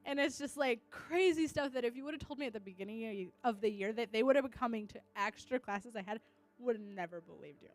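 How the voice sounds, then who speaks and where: A woman's voice: on the high side, a little fast. A young woman, a teacher, tells a church gathering about her students in a casual, chatty way. She leans on "like" and slips in Spanish words. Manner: chatty, full of "like" fillers, drops in Spanish words. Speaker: teacher giving a testimony. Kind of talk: casual testimony to an audience.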